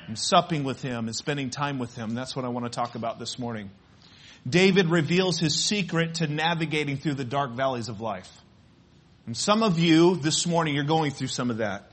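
A middle-aged man preaching a sermon as a pastor, reading scripture, praying, and telling stories with lively laughter. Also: fairly high pitch, normal speed. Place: church sanctuary.

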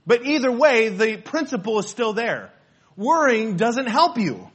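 A man's voice: extremely high pitch, big pitch swings, a little slow, slightly rough. A pastor preaching a sermon, earnest and repetitive, quoting scripture between his own points. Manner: earnest preaching, repeats phrases, quotes scripture.

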